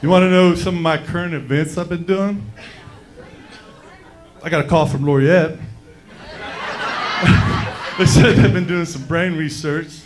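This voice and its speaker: A man's voice: fairly high pitch, steady tone, unhurried, long pauses, crowd noise, background noise. A man doing a brash, crude stand-up set on a comedy club stage.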